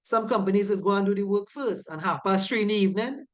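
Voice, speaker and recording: A woman's voice: mid-range voice, fast talker. A woman teaching a safety course, emphatic and checking often that her students follow. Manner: emphatic, keeps asking "right?" to check understanding. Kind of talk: online lecture going over quiz answers.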